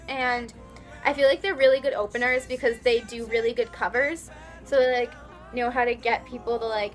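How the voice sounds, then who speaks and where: A young woman vlogger telling an excited, rambling story, full of "like" and restarts, her voice a little worn after a concert. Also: fairly high pitch, fairly quick, faint music behind. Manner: rambly, flustered, lots of "like".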